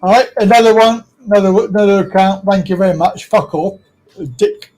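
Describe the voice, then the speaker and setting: A man's voice: sits high, a little fast, a little mellow, rough recording. A British man hosting a live stream, talking casually and bluntly with lots of swearing.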